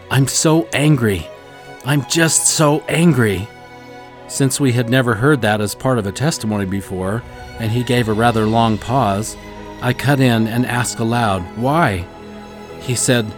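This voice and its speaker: A middle-aged man co-hosting a podcast, telling a story in an earnest scripted narration. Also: mid-range voice. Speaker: podcast co-host.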